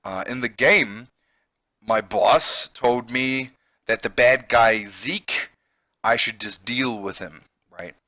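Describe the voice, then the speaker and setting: A man's voice: mid-range voice, slow, sharp tone, dry recording. A man who works as an English teacher, giving a vocabulary lesson and explaining patiently, often checking in with "okay?".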